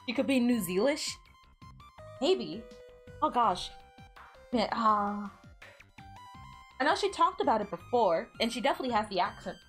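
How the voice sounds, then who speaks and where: A woman's voice: on the high side, lively intonation, unhurried, long pauses, soft background music. A woman from the United States chatting casually while gaming on stream, giggling often and rambling through lots of filler words.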